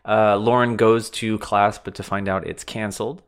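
A man hosting a podcast, recapping a film in relaxed, wry casual chat with lots of fillers. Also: fairly low pitch, moderate pace, clean tone. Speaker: podcast host.

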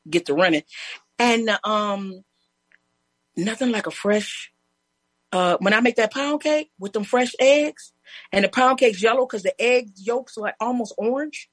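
Interview guest: a woman with a husky, fairly high voice, telling stories with energy and laughter, dry sound. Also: no room sound. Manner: animated, laughing, acts out neighbors' lines. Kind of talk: casual storytelling chat.

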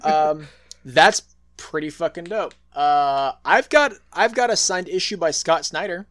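Excitable man hosting a comics podcast. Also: fairly high pitch. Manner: excitable, retells scenes with quick quoted voices. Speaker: podcast host. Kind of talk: casual chat about comics.

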